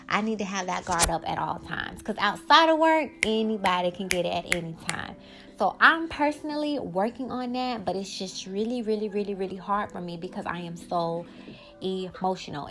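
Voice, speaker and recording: A woman's voice: medium pitch, a bit bright. A woman hosting a solo podcast who talks in a candid, emphatic, rambling way. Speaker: podcast host.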